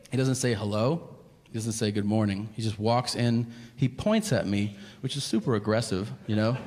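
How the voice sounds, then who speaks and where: A man doing a stand-up comedy set, telling stories with animated, yelled impressions. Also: mid-range voice. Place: comedy venue stage. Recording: live venue with long reverb and audience noise.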